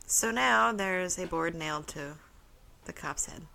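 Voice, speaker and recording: A woman's voice: fairly low pitch, unhurried, creaky, sharp tone, poor audio. A woman co-hosting a podcast, chatting casually and profanely over a movie and laughing often. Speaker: podcast co-host. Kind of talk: casual movie-watching chat.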